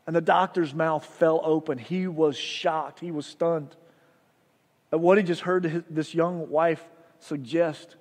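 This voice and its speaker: A male pastor preaching a sermon, telling a story with soft, hushed passages and loud rises. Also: a little high, steady tone, unhurried. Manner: storytelling, dropping soft for drama and rising loud. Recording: long hall reverb.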